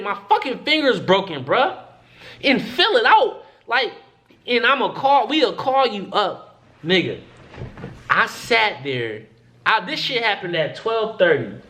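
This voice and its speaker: A man's voice: high voice, unhurried. A young man telling a story to the camera in casual, profane storytelling, acting out what people said. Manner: animated, profane, acts out quoted voices. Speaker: vlogger.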